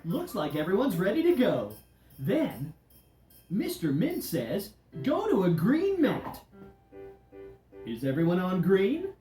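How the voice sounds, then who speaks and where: A woman voices a friendly, cheerful male candy game leader guiding children through follow-the-leader on a children's DVD. Her medium, mellow voice takes things slowly with frequent pauses and huge pitch swings, bouncy and playful as she coaxes the kids. There's roomy echo and music in the background.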